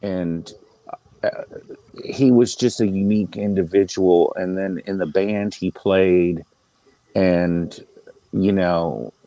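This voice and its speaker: A man's voice: deep voice, fairly even intonation, mellow, no room sound, poor audio. A man speaking in a casual online panel chat, paying an emotional tribute and often stopping and restarting as he talks. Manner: halting, emotional, with many restarts.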